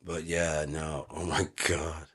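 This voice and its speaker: A man with a very low voice rambles through a casual monologue, cursing freely and dissolving into laughter. He talks slowly and loosely, close to the mic. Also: level tone, a bit bright, breathy edge. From Michigan. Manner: loose, profane, breaks into laughter. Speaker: vlogger.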